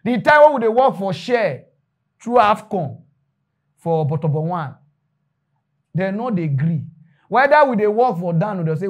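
A man with a Nigerian Pidgin accent giving animated, preachy commentary. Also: sits high, a little slow, pauses often. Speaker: commentary host. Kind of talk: casual commentary.

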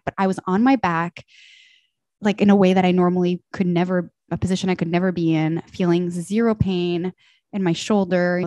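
Young woman, podcast guest; animated storyteller, slightly low voice, dry close sound. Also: no room sound. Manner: animated, acts out quoted voices. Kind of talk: casual storytelling chat.

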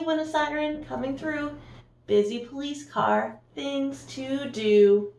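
A woman's voice: sits high, slow, roomy sound, recorded from a distance. A woman teacher reading a picture book aloud to her class in a storytime voice, gasping and asking the children questions. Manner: warm, sing-song, gasps and asks the listeners questions.

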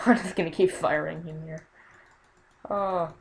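A woman's voice: sits low, steady tone, a little slow, low-quality recording. A young woman casually commenting on her own gameplay, exclaiming often and muttering under her breath.

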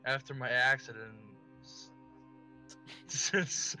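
A man reads a story game aloud in a low, deadpan tone, breaking off for fast, crude jokes. His pitch still swings widely between lines. Soft game music sits behind him. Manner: deadpan, crude jokes, quick muttered asides. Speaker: gameplay commentator. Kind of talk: reading a visual novel aloud with jokes.

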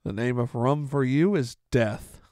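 A man's voice: medium pitch, measured pace, a little mellow, no echo, studio quality, voice pushed down, natural voice. A man voicing a stern middle-aged male country doctor who gives firm, clipped warnings in a storybook reading. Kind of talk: audiobook reading.

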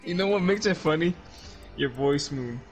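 A man's voice: fairly high pitch, expressive, moderate pace, faint music behind. A man in casual gaming chat with friends, joking and bantering with plenty of swearing. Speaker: player.

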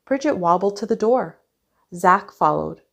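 Lady doing a kids' storybook read-aloud, clear and expressive, slightly low voice. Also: unhurried. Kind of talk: reading a children's picture book aloud.

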